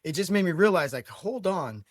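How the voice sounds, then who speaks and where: Energetic New man telling his story. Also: high-pitched, normal speed, no room sound, studio quality. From Brooklyn, New York. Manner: energetic, emphatic, repeats words when starting phrases. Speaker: franchise owner guest. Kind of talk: storytelling interview.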